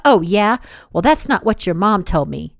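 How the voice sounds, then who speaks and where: A woman voicing a gruff young cowboy who speaks in a lowered, sneering voice during a storybook romance reading. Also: animated, moderate pace, dry recording, studio quality.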